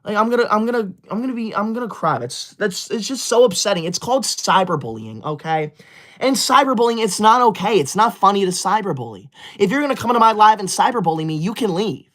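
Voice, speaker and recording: A man's voice: high voice, animated, quick pace, fairly bright tone. A man playing a conceited young male streamer. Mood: indignant. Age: 20s. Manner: pompous, scolding, bossy. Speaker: livestreamer reading super chats. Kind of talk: comedic livestream character.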